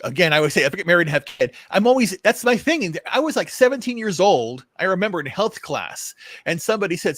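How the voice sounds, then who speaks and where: Man hosting a political talk show, rambling with lots of restarts, higher voice, dry close sound. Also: big pitch swings, fairly quick, fairly bright tone, dry recording. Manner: rambling, many restarts and repeated words, swears. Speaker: show host. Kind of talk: casual political chat.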